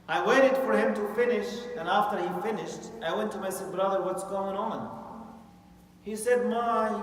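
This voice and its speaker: A man giving a Friday sermon in a mosque, telling a story with Arabic phrases and emphatic rising peaks. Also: high-pitched. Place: mosque prayer hall. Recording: echoey hall, distant mic, faint noise.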